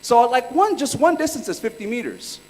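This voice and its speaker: This thirtysomething Californian workshop speaker has a very high-pitched, sing-song voice with a darkish tone, talking at normal speed. His casual live presentation is laid-back storytelling loaded with slang, recorded in a reverberant hall.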